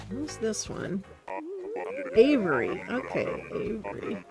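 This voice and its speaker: A woman hosting a relaxed gameplay stream, chatting and telling rambling stories as she plays. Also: medium pitch, takes it slowly. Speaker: game streamer host. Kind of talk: casual gameplay commentary. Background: soft game music.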